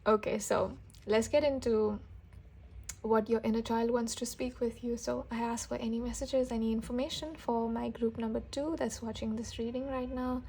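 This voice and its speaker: A woman with a fairly high voice gives a tarot reading straight to her viewers. She talks gently and warmly excited, often restarting her sentences and breaking into soft exclamations. A faint hiss sits under the recording. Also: moderate pace, gravelly. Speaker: tarot reader. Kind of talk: intuitive reading addressed to viewers.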